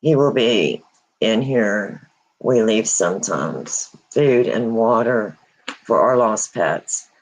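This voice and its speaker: A woman hosting a casual livestream, grieving and near tears, speaking haltingly with many pauses and restarts. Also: rumbling low, animated, poor audio. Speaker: host of a paranormal channel.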